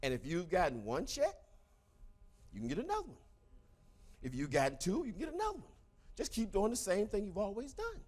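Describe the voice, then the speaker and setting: A middle-aged man giving a fiery, preacher-like motivational speech to a crowd, breaking into shouts. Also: high voice, big pitch swings, normal speed, pauses often. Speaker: motivational speaker.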